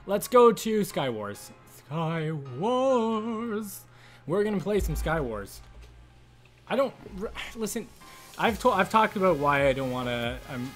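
A young man talks through a live game stream, greeting viewers and teasing them in a playful, chatty way. He speaks slowly, and his pitch swings up and down a lot. Faint game music plays underneath. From Canada. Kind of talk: casual live-stream gaming commentary.

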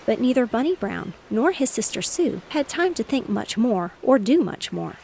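A woman narrating a bedtime story in a gentle, steady reading voice. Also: a little high, normal speed, creaky, hardly any pauses, slight background noise. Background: faint waves.

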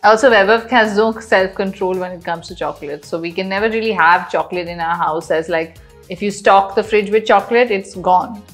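A woman's voice: mid-range voice, fairly quick, soft background music. A woman co-hosting a casual couple chat, teasing and laughing often. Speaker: co-host.

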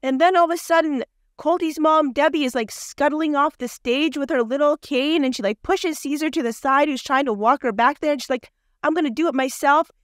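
A woman's voice: sits high, brisk, dry recording, clean studio sound. A woman casually recapping a reality TV show, sarcastic and gossipy.

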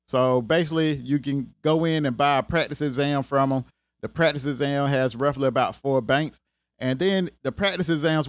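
A man's voice: medium pitch, no echo. A man with a Southern country accent hosting an IT career video, talking casually and rambling with lots of "you know what I'm saying.". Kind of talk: casual talk to camera.

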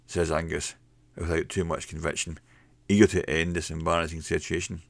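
Deep-voiced man narrating a story. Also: flat delivery, no room sound. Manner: slow, measured storytelling.

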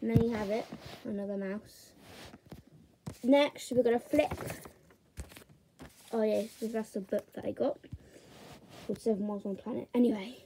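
A woman's voice: on the high side, fairly even intonation, mellow, slight background noise. A young woman giving a casual drawing tutorial, chatting through each step as she sketches. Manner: slow, chatty step-by-step narration while drawing.

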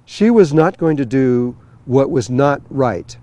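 A man recounting a personal story in a loose, meandering way, stumbling over restarts and fillers as he goes. His voice is warm and mellow, and the recording is close and dry. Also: medium pitch, animated, slow, dry recording. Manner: rambling, full of fillers and restarts. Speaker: spiritual teacher telling a story. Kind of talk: storytelling talk.

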